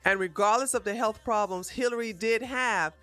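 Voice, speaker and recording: Blunt, profane woman ranting in a bright voice. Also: on the high side, moderate pace, soft background music. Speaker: political commentary host. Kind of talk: live-stream commentary rant.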